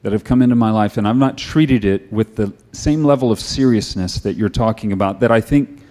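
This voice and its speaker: A man's voice: on the low side, a little fast. Earnest, conversational middle-aged male preacher. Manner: conversational storytelling, then quiet earnest prayer. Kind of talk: sermon.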